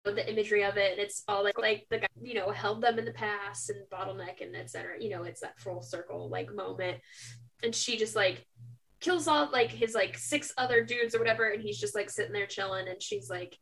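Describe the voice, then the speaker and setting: A woman's voice: mid-range voice, brisk, gravelly, fairly bright tone. A young woman co-hosting a book podcast in casual chat, retelling scenes emphatically. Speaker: podcast co-host.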